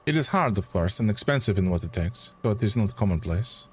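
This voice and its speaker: A man's voice: lowish voice, lively intonation, darkish tone, breathy edge. A man voicing a suave, courteous French male academic who exposes fraud, with a put-on French accent. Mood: measured. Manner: measured, courteous, slightly haughty.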